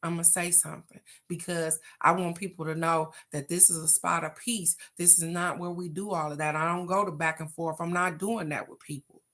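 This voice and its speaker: A woman's voice: on the low side, fairly even intonation, normal speed, hardly any pauses, a bit bright. A woman hosting a casual live oracle card reading, talking straight to her viewers in an encouraging, motivational way. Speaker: oracle card reader, livestream host.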